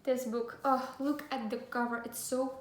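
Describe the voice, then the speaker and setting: Young female book vlogger, gushy and giggly, high voice, roomy echo. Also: flat delivery, moderate pace, slight background noise. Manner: gushing, giggly, full of fillers. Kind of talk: casual book haul chat with read-aloud synopses. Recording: echoey room, faint ambience.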